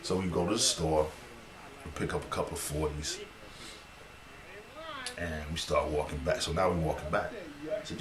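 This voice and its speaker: A man's voice: extremely low pitch, moderate pace, pauses often, reverberant, crowd noise. A man telling a funny neighborhood story in casual style, laughing and acting out voices. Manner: animated, laughs at own story, acts out voices.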